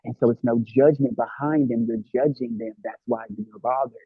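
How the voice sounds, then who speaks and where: Man, husky and dry-sounding, a lively guest who voices his own thoughts, heard over a phone-like line. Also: medium pitch, moderate pace, no echo. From Los Angeles, United States. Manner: animated, acts out quoted inner dialogue. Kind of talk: casual conversation about self-love.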